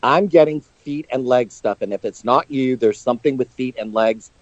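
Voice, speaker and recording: A man, a psychic medium, gives a phone interview in a medium-pitched voice at a moderate pace with no room sound. Earnest and emotionally open, he tells personal stories through a dull, low-fidelity telephone line.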